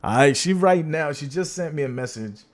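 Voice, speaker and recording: A man's voice: on the high side, lively intonation, moderate pace. Brash taunting man hosting a livestream. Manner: brash, taunting, slangy, addresses chat directly. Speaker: livestream host. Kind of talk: casual livestream chat.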